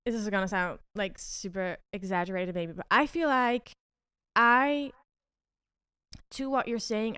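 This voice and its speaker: A woman's voice: medium pitch, fairly bright tone, clear, resonant tone, no echo, clean studio sound. Tearful woman on the verge of crying. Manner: tearful, halting, many fillers and restarts. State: on the verge of tears. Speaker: podcast co-host. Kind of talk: emotional casual chat.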